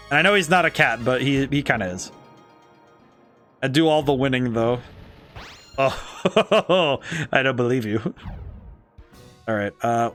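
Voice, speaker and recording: A man giving casual live-stream commentary on a game he is playing, excitable, laughing often and thinking aloud. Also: mid-range voice.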